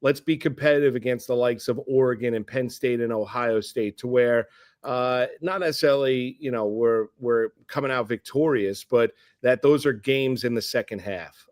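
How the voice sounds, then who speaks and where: A man with a New York accent, a sports anchor guesting on a casual sports chat, talking in an animated way with quick restarts. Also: medium pitch, no room sound, clean studio sound.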